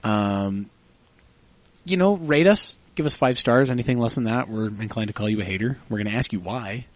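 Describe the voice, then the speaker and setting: A man's voice: lowish voice, normal speed, no room sound. A man hosting a car podcast in casual chat, joking loosely and reading the sign-off. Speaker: podcast host.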